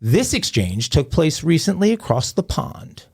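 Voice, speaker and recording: A middle-aged man co-hosting a crime-news podcast, telling a story in a wry, joking way. His pitch moves a lot as he talks. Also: very animated, a little slow, gravelly, darkish tone, husky. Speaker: podcast co-host.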